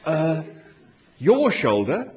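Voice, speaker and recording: Brief: a man putting on a high, stammering, horrified man, wildly swooping, dull lo-fi sound. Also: huge pitch swings, very slow, a little mellow, slight background noise, exaggerated voice. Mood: horrified, flustered. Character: horrified, flustered English man. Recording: dull lo-fi live recording.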